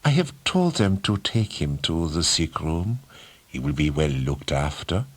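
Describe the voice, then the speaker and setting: A man's voice: extremely low pitch, very animated, a little slow, no room sound, exaggerated voice. A man doing a silky, sinister count. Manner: smooth, persuasive, wheedling. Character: silky sinister middle-aged male count.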